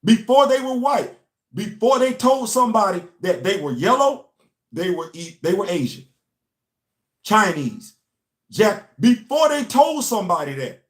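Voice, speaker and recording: Young guy preaching hard, repeats himself for effect, fairly high voice, roomy echo. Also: big pitch swings, measured pace. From United States. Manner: emphatic, preachy, repeats key lines. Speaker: host. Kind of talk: impassioned monologue. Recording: echoey room.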